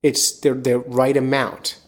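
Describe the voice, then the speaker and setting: A man from near Philadelphia hosts a fishing podcast in an easygoing, rambling way. He talks at an ordinary middle pitch and speeds up in quick bursts. He often loops back on his words. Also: monotone. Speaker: podcast host and fishing guide. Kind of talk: casual podcast chat.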